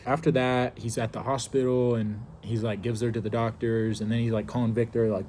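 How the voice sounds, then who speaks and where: A man's voice: mid-range voice, level tone, a little fast, few pauses, a little mellow, slight background noise. A man casually recapping a TV episode, rambling loosely with many fillers. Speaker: TV show reviewer.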